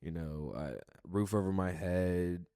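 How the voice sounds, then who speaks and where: Low, dark-voiced podcast man. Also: slow pace, clear, resonant tone, dry recording, studio quality. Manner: reflective, repeats his points. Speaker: podcast co-host. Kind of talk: casual chat.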